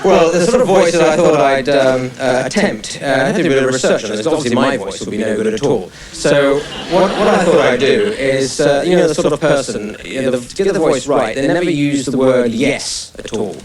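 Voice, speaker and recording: A man's voice: medium pitch, lively intonation, brisk, few pauses, a crowd in the background. A male stand-up comedian chatting with the audience in a rambling, self-deprecating way, full of restarts, on a TV studio stage. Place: TV studio stage under hot lights. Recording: echoey studio, distant mic. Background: studio audience laughing.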